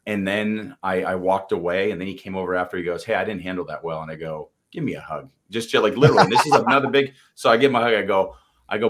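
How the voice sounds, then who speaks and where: A man's voice: deep voice, steady tone, fast talker. A man with a Boston accent co-hosting a motivational podcast, telling stories earnestly in casual speech with the odd swear word. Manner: storytelling, earnest, loose profanity. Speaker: podcast co-host.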